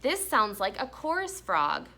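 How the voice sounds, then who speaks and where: A woman voicing an eager little boy who talks high and loud, in a read-aloud storybook. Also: huge pitch swings, unhurried, exaggerated voice. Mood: excited. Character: excited little boy showing off frog sounds.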